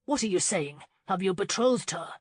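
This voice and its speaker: A man's voice: sits high, expressive, normal speed, husky, dry recording. A woman voicing an angry young nephew who speaks with barely contained, contemptuous rage. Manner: tight, contemptuous and controlled. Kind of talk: audiobook character reading.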